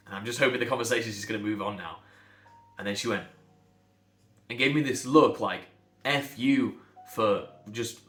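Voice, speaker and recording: A man from England, a speech coach, talking bluntly and emphatically to camera, sometimes building to loud outbursts. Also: fairly low pitch, normal speed, reverberant.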